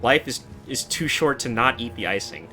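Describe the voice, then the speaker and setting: A man in his twenties streaming a game, chatting casually and answering chat in a relaxed, monotone way. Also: medium pitch, normal speed, soft background music. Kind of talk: casual live-stream chat while gaming.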